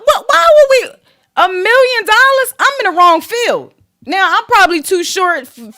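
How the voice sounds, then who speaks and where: A woman's voice: high voice, no room sound, studio quality. Sassy young woman dishing celeb gossip on her podcast, aave, swinging all over the place. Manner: sassy, profane, animated, reads posts aloud with reactions. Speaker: podcast host. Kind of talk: casual celebrity gossip commentary.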